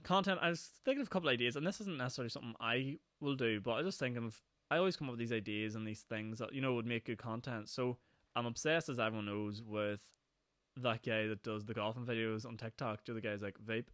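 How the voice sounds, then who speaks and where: A young Northern Irish man hosting his own podcast, talking fast and rambling from one thing to the next with frequent laughs. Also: mid-range voice, fairly bright tone, dry recording, clean studio sound. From Northern Ireland. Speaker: podcast host. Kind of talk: casual solo podcast chat. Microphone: podcast microphone.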